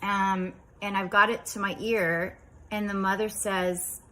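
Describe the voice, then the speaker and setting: A woman in her fifties casually recounting a strange dream, chatty and rambling, dropping into quiet asides. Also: mid-range voice, little pitch movement, a little slow, slight background noise, low-quality recording. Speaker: vlogger.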